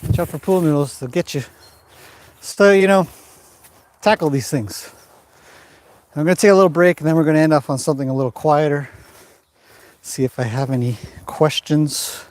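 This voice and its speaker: A man giving calm livestream commentary while training a horse in an indoor arena, talking to the horse and his viewers in turn. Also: on the high side, moderate pace, long pauses, dry recording.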